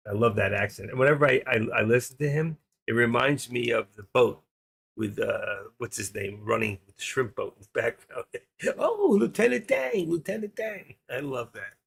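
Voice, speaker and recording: This is an older man whose voice is heavily gravelly and husky. He hosts a live trading stream in a rambling, joking way, often thinking aloud as he works. The pitch sits at an ordinary middle level. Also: fairly even intonation, brisk, a bit bright. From New York. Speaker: stream host, trader. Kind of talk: casual live-stream chat.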